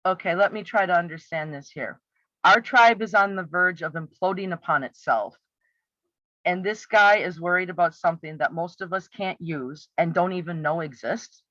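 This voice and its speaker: Commentator, exasperated and sarcastic, tense bright tone, dull dry recording. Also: mid-range voice, moderate pace, dry recording. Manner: sarcastic, exasperated rhetorical questions. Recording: slightly muffled, dry.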